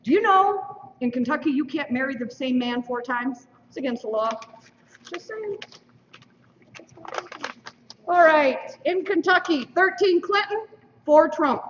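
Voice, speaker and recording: A woman's voice: sits high, lively intonation, moderate pace, recorded from a distance, slight background noise. A woman emceeing a school mock election, reading out results and tossing in playful trivia asides to an audience. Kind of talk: lively announcing to an audience. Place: school hall. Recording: dull lo-fi stream, roomy hall from afar.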